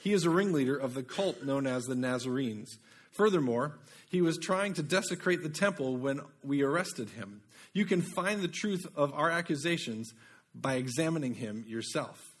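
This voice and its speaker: A preacher voicing a flattering male lawyer in a put-on British accent, formal and ingratiating. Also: mid-range voice, moderate pace, slightly rough.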